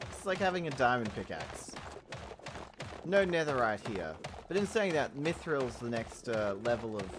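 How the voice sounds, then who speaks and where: An adult gaming host talking through a playthrough in casual let's-play commentary, rambling with restarts and swinging from mumbled asides to loud outbursts. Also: mid-range voice. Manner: chatty, rambling with fillers and restarts. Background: game music.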